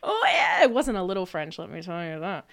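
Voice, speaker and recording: A woman's voice: lowish voice, very animated, a little fast, fairly bright tone. A woman co-hosting a podcast, joking cheekily and laughing in casual chat. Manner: cheeky, laughing, crude jokes. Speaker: podcast co-host.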